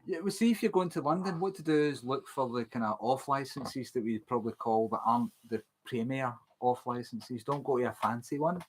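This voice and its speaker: A Scottish man co-hosting a livestream, chatting casually with quick, blunt remarks and the odd swear. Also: mid-range voice.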